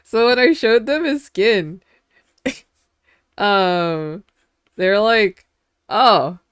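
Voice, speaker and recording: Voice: mid-range voice, animated, extremely slow, smooth, no echo, clean studio sound. A streamer chatting casually with their audience while drawing. They ramble with lots of fillers and giggle often.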